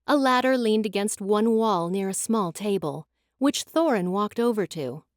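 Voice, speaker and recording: A woman giving an expressive, dramatic scripted narration of a fantasy audiobook. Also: mid-range voice, moderate pace, dry recording, clean studio sound.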